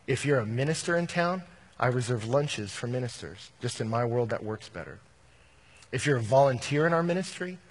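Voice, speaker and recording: A man's voice: on the low side, breathy edge. A man, a campus minister, preaching a sermon in a conversational, emphatic way.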